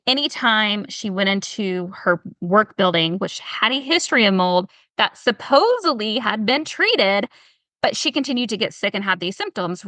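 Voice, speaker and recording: A woman's voice: mid-range voice, pushed and bright, no echo. A woman guest practitioner in a casual interview, animatedly retelling a client's case with emphatic asides.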